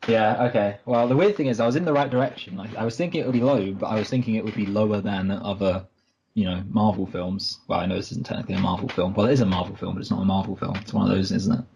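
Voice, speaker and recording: A man's voice: lowish voice, steady tone, fast talker, vocal fry, a little mellow, dull audio, a little hiss or hum. A man co-hosting a film podcast, chatting casually and correcting himself as he rambles through stories. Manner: rambling, self-correcting storyteller. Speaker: podcast co-host.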